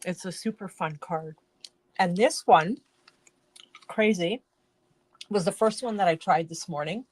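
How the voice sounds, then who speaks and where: Slow-talking, chatty woman crafting host. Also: lowish voice, a little mellow, no room sound. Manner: chatty, rambling, self-interrupting. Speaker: card-making host. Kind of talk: casual live-stream chat.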